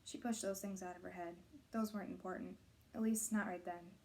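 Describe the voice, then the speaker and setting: A woman reading a novel aloud, narrating in a steady, clear storytelling voice. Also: on the low side, a little fast. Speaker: reader of a novel.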